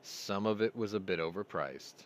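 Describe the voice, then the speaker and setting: A man's voice: lowish voice, normal speed, slight background noise. A man hosting a casual stream, rambling through stories and laughing at his own jokes. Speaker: host. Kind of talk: casual live-stream chat.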